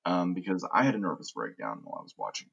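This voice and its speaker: A man's voice: deep voice, sing-song, fast, vocal fry, fairly bright tone, slightly rough, muffled recording. A man hosting a casual movie podcast, talking in an opinionated, enthusiastic way with frequent restarts. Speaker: podcast host.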